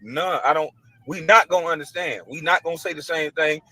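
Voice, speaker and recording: A man calmly explaining his side, blunt, matter-of-fact and frustrated. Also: fairly high pitch, a little fast, poor audio. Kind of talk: casual self-defending explanation.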